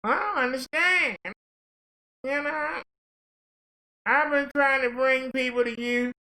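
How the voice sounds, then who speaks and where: A man doing a whining false preacher, high and pleading. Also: steady tone, takes it slowly, bright, forceful tone, full character voice, poor audio. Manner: high, protesting plea.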